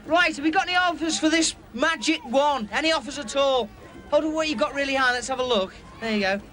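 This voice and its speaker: A high-pitched man rattles along at a breakneck pace, chatting eagerly with kids. He talks outdoors on a beach, full of quick questions and asides. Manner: excitable, fast, chatty with children. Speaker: outside broadcast presenter. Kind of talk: lively live interviews on a beach.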